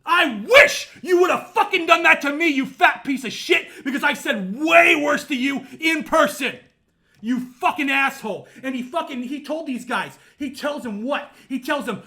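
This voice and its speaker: A man co-hosting a podcast, ranting angrily with constant profanity and bursts of shouting. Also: extremely high pitch, expressive, normal speed. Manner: angry, profane, shouting rants. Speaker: podcast co-host.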